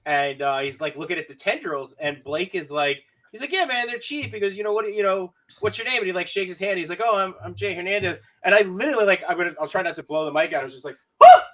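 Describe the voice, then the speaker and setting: A man co-hosting a podcast, telling stories in an excited, casual way. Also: sits high, fast talker, few pauses. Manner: excited storyteller. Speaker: podcast co-host. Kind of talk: casual chat. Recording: noisy with clicks.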